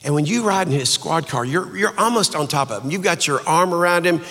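A man quoting his concerned, proper mother in a slightly higher voice. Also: expressive, fairly quick, bright, forceful tone, long reverb tail. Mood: scolding.

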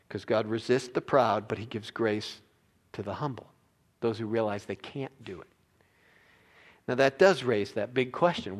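A male pastor delivers an emphatic sermon, his voice sitting at an ordinary middle pitch. He often doubles back on words as he drives a point home. The sound carries the long reverb of a large church hall. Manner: emphatic, repeats words while building points. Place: church sanctuary.

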